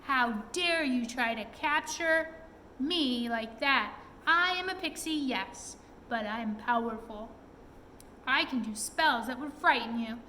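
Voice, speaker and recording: Storybook role: woman voicing a feisty, defiant little male pixie, high and bright. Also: takes it slowly, slight background noise. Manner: indignant, defiant. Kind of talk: storybook read-aloud.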